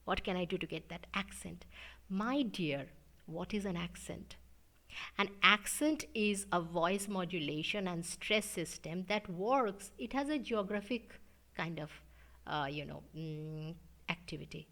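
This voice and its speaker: A middle-aged woman from India with an Indian English accent, lecturing to students on learning English, with an expressive, sing-song delivery that drops at times to a whisper. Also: fairly low pitch, unhurried. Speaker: English teacher.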